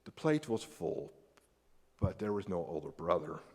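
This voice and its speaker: Animated American preacher in a reverberant hall. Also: male voice, normal speed, slightly rough. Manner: animated, acts out quoted characters with big pitch jumps. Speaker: pastor. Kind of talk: sermon. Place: church sanctuary.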